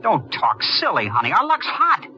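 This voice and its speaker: A man's voice: fairly high pitch, huge pitch swings, normal speed, faint music behind. An actor playing a desperate young male robber in a 1950s radio drama, hard and bullying. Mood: agitated. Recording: dull old radio broadcast.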